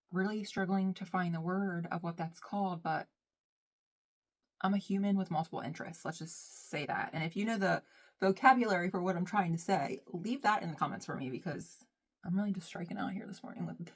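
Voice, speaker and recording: A woman's voice: fairly low pitch, breathy edge. A young woman chatting casually and rambling while she does her makeup, saying "y'all" a lot. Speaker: beauty vlogger.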